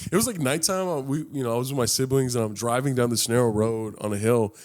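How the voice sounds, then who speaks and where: A man's voice: fast talker, a little mellow. A man co-hosting a podcast in casual chat, with a laid-back, slangy way of talking. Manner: laid-back, slangy, breaks into high-pitched laughter. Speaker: podcast co-host.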